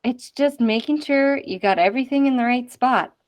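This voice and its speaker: A woman in her thirties hosting a casual podcast interview, chatty and quick to act out conversations she has had. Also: sits high. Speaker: podcast host.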